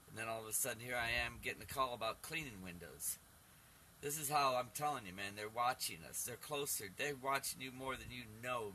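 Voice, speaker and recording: A man's voice: lowish voice, pushed and bright, slight background noise. A middle-aged man giving a rambling personal testimony as a YouTube preacher, earnest and urgent, often calling his listeners "man".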